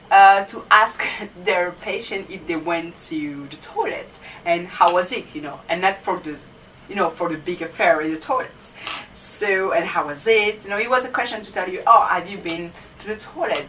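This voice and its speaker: A woman's voice: lowish voice, fairly bright tone. A young woman, a student, casually telling a story about her teachers, chatty and full of fillers like "you know". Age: young adult. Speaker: student vlogger. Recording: distant mic with faint background noise.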